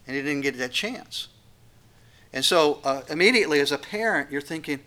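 Earnest, bright-voiced preaching man. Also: mid-range voice, a little fast. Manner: earnest, emphatic, acts out quoted voices. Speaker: pastor. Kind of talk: expository sermon.

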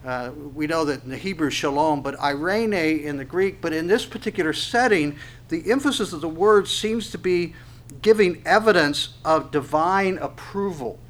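A man's voice: a little high, moderate pace. A man preaching an expository sermon on a Bible passage, asking rhetorical questions, building emphasis and often restarting his phrases. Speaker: pastor.

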